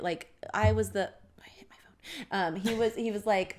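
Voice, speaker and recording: A woman's voice: mid-range voice, fairly even intonation, a little mellow. A woman co-hosting a podcast, chatting casually about a movie, rambling with lots of fillers. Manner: rapid, chatty, full of fillers. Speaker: podcast co-host. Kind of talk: casual movie review chat.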